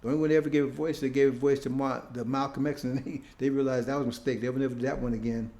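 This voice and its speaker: A man's voice: medium pitch, fairly even intonation, rapid-fire, dark tone, roomy sound. A man preaching informally, in a conversational tone, often checking in with his listeners with short questions. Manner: conversational, keeps asking "see?".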